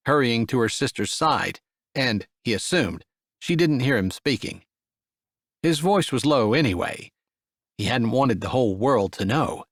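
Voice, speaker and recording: An expressive male narrator reads a scripted audiobook at normal speed with a medium-pitched voice. The studio sound is clean, with no echo.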